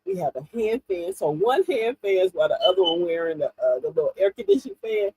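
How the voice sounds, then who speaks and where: A woman in her fifties hosting a livestream, telling funny stories in an animated, laughing way to her viewers. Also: medium pitch, fast talker, slightly rough, no room sound, rough recording. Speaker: livestream host. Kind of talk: casual chat to viewers.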